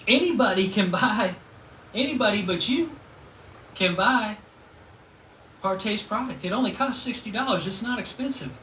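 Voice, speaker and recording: Man, 30s, ranting video reply, profane and taunting, high bright voice, roomy echo, distant mic, faint noise. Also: expressive, moderate pace, pauses often. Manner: profane, taunting, laughing mockingly. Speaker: channel host.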